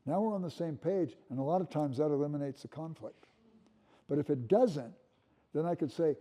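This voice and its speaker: Older man, lecturer, deep mellow tone, relaxed rambling classroom delivery. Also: a little fast. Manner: musing, repeats words as he restarts.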